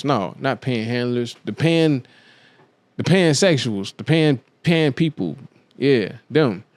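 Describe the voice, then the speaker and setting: A man's voice: medium pitch, darkish tone, smooth, no echo. A man hosting a show, talking through his views in a loose, casual monologue, often checking in with "you dig what I'm saying?". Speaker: podcast host.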